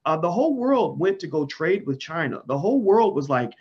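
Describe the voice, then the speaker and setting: A man commenting in an impassioned monologue, emphatic, with sudden loud high swings. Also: sing-song, a little fast, background noise. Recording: dull lo-fi sound.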